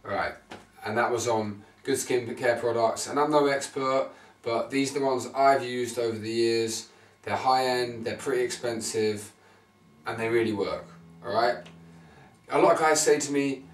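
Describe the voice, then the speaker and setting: A man's voice: medium pitch, normal speed, slight background noise. Male vlogger, blunt chatty advice, roomy sound off a distant mic. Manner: blunt, swears, checks in with 'right?' and 'okay?'. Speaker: men's fashion vlogger. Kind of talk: casual direct-to-camera advice. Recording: echoey room, mic at a distance.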